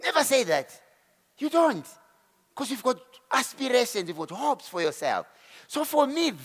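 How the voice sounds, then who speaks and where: A South African keynote speaker in his forties delivers an animated motivational talk to a live audience in an event hall. His voice is high, and he tells his own story while acting out the quotes and exclamations of the people in it. The recording carries hall reverb.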